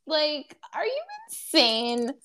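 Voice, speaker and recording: A woman co-hosting a podcast in casual chat, animated and swearing, laughing often. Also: high voice, slow. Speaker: podcast co-host.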